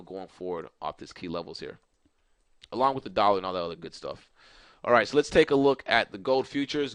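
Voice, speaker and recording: A market analyst host gives a casual stock market recap over charts in a lowish, fairly bright voice that sounds clear and resonant, with no echo. His chart talk is loose and repetitive, packed with fillers and repeated phrases.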